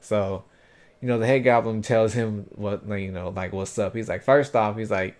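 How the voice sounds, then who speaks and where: Low-ish and a little mellow, his tone stays steady at a normal speed. The man rambles through an anime episode recap for his review, peppering it with slang, fillers and mid-sentence fixes.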